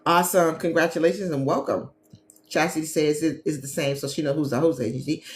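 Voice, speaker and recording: On her live travel talk show, a woman from Gary, Indiana speaks a little fast in a deep voice, casually chatting with viewers she calls "y'all." She's an animated travel agent and business coach, and the echoey recording has faint ambience plus a little hiss or hum.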